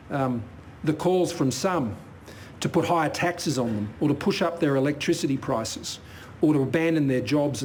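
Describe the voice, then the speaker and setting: A man's voice: on the high side, slight background noise. A middle-aged Australian man answering at a press conference as a prime minister, emphatic and repeating his key phrases. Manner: emphatic, repetitive rhetorical delivery.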